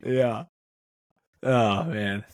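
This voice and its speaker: Laughing podcast dad, dry close mic. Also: male voice, medium pitch, drawn-out words, no room sound. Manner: laughs often, excited recapping. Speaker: podcast co-host. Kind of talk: casual movie chat.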